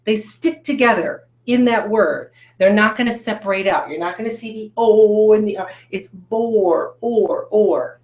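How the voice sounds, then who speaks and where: A woman's voice: mid-range voice, normal speed, hardly any pauses, darkish tone. A woman teacher giving a recorded phonics lesson, patiently asking questions and answering them herself. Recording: echoey room.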